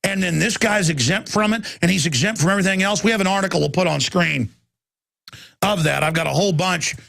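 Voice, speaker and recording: A man, hosting a talk radio show and ranting angrily about government spending, at times breaking into furious shouts. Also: sits high, a little fast, vocal fry. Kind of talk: angry talk radio rant.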